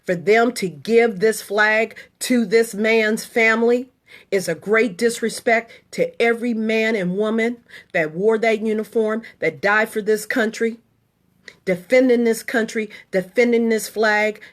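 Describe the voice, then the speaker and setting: Slow, indignant middle-aged woman. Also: medium pitch. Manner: indignant, emphatic, repeating short statements. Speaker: military veteran. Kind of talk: political monologue to camera.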